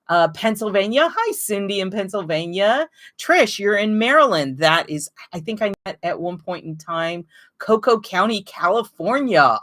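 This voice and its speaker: Woman, live-stream host, rambling casual chat, lowish voice. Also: fairly bright tone. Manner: chatty, greets viewers by name and place, rambling asides.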